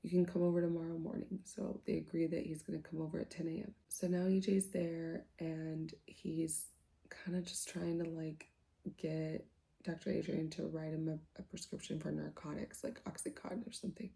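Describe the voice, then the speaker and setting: A woman softly retelling a novel's plot for sleep, in a casual, chatty way full of fillers, sometimes dropping to a whisper. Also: low-pitched, level tone, normal speed, creaky. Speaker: book reviewer. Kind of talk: soft-spoken ASMR book recap.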